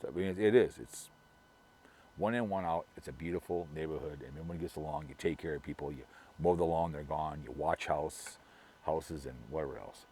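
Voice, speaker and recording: A middle-aged man with a very low, deep voice rambles through a casual vlog, repeating himself and restarting sentences as he gossips. Soft background ambience sits behind him. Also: brisk, slight background noise. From Minnesota, US. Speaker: vlogger.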